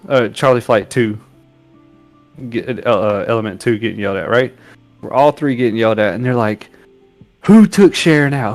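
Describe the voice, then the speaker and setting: Male co-host, mid-pitched, casual storyteller who barks out quoted sergeants. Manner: animated, acts out shouted quotes while telling war stories. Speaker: podcast co-host.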